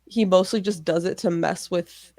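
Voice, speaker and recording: Young woman podcast cohost, lots of vocal fry, wry and dry, close mic no room. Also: lowish voice, steady tone, normal speed, warm tone, no echo. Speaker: podcast co-host and editor. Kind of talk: casual chat.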